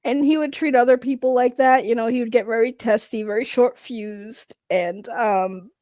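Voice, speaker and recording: A woman's voice: fairly high pitch, steady tone, darkish tone, dry recording, lightly acted. A woman acting as a tearful young former coffee girl who stops often and chokes up. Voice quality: halting and choked up, with many pauses. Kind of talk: mock testimony acting.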